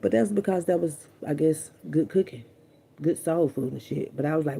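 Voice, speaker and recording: A woman's voice: low-pitched, moderate pace, creaky, warm tone. A woman vlogger talking candidly and bluntly to her viewers, chatty and profane, often repeating herself. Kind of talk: candid casual storytelling to viewers.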